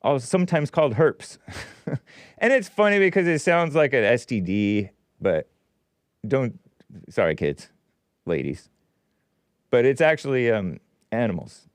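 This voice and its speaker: A man's voice: medium pitch, a little slow, pauses often, clean tone, no echo, studio quality. A man hosting his own show, reading a news story aloud and breaking in with sarcastic asides. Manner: sarcastic asides, animated ups and downs. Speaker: host.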